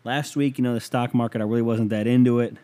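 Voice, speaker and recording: A man with a mid-pitched voice rants alone into a podcast microphone. He rambles from point to point and swears freely, with a mocking edge. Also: steady tone, fast talker, mellow. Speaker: podcast host. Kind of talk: casual solo podcast rant.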